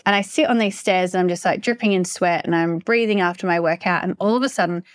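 A young woman hosting a podcast, telling a story in a gushing, animated way and swearing freely. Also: lowish voice, fast talker. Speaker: podcast host. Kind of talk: casual storytelling.

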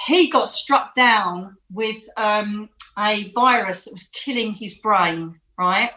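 Animated woman, echoey room. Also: medium pitch, slow, hardly any pauses. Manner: animated, emphatic storyteller. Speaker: medium, interview guest. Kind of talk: casual storytelling in an interview.

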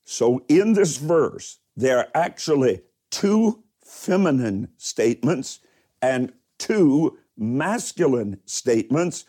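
Slow, mellow-voiced male pastor preaching. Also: medium pitch, lively intonation. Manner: emphatic preaching, stretching key words slowly; greets online viewers by name. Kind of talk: livestreamed sermon.

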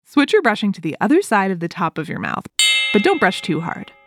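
A woman's voice: mid-range voice, big pitch swings, fairly quick, no room sound, studio quality, soft background music. Playful woman hosting a kids' show. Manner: cheerful, playful, counting down for kids. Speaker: host. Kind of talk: scripted children's show narration.

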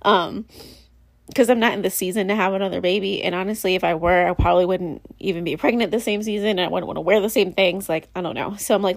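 A woman's voice: mid-range voice, steady tone, a little fast, creaky. A young woman and mother talking candidly to her viewers in a rambling, confessional way, full of fillers and restarts. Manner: rambling, confessional, lots of likes and ums. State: close to tears. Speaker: mom vlogger. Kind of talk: candid personal vlog chat.

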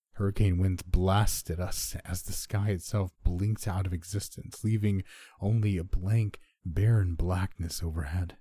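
A man with a very low, mellow voice reads a horror story in a measured, steady way. The recording is close and dry. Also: husky, no echo. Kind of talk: scripted horror narration.

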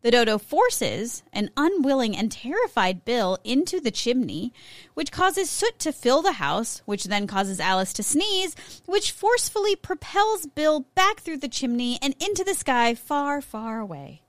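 Woman, podcast co-host, animated pitch, reads from notes, small self-corrections, dry close sound. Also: unhurried, dry recording. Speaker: podcast co-host presenting a segment. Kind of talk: casual podcast chat with scripted segment reading.

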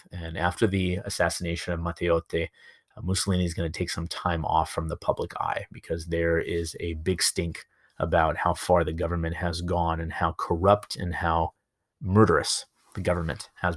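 A man teaching history over slides in a relaxed, storytelling way, with many fillers and asides. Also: low voice, normal speed, no room sound, clean studio sound. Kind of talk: recorded lecture over slides.

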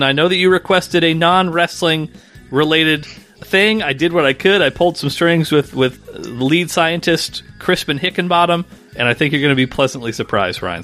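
A man's voice: a little high, expressive, normal speed, pushed and bright, soft background music. A man hosting a podcast in casual, playful chat, teasing and swearing freely. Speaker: podcast host.

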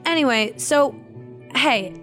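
A woman chatting casually, telling family stories in an animated way, with frequent laughs and swearing. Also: high voice, slow pace, faint music behind. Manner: animated storytelling, swears freely, laughs often. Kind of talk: casual chat.

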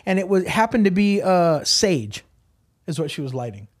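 A man's voice: high-pitched, big pitch swings, moderate pace. Profane, blunt man telling stories. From Southern California. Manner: profane, blunt, swears constantly. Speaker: crime scene cleaning company owner, guest. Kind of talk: casual podcast storytelling.

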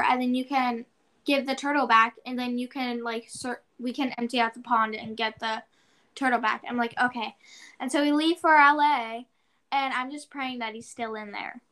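A teenage girl chatting on a podcast with a high, bright voice. She rambles through a story with plenty of "like"s and jumps into her own past exclamations as she tells it. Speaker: podcast co-host. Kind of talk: casual chat.

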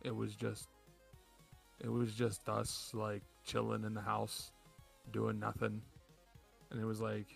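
A man's voice: fairly low pitch, completely flat delivery, slow, vocal fry, long pauses, faint music behind. A man co-hosting a podcast, telling party stories in casual chat with a laid-back, swearing manner. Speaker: podcast co-host.

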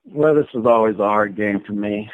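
A man's voice: lowish voice, moderate pace, no room sound. Man calling in over a tinny phone line. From Minnesota. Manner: easygoing, hesitant restarts. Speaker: caller. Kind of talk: phone call-in chat.

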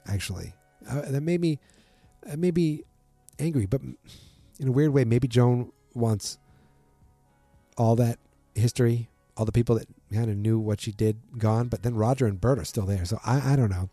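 Dark-voiced man recapping a show. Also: fairly low pitch, no room sound. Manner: chatty, acts out characters' lines with quick voice shifts. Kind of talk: casual recap of a TV episode.

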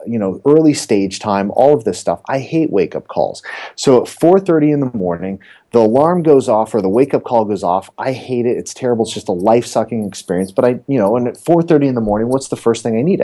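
A middle-aged man, a real estate coach, telling stories and joking in a casual interview. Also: medium pitch. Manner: animated, joking storyteller.

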